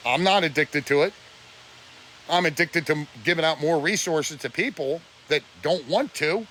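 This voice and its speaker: A man's voice: on the high side, moderate pace, fairly bright tone, slight background noise. A man ranting on a live stream, preachy and blunt, his voice close to breaking with emotion. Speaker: livestreamer.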